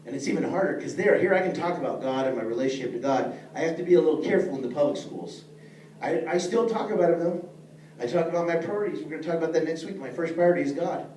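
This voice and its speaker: A fast-talking middle-aged man with a slightly high, darkish voice leads a leadership class, speaking earnestly and plainly to those in front of him. The mic sits far away in an echoey room, with faint noise present.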